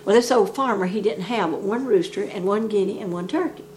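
A woman's voice: mid-range voice, fairly quick, darkish tone, slight background noise. An older woman telling folk jokes in a rambling, folksy dialect. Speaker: storyteller.

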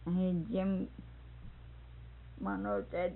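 A woman's voice: medium pitch, slow pace, creaky, pauses often, slightly rough. An older woman telling family stories, laughing often as she talks. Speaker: storyteller recalling family life. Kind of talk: casual oral history. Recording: tinny phone-like old tape.

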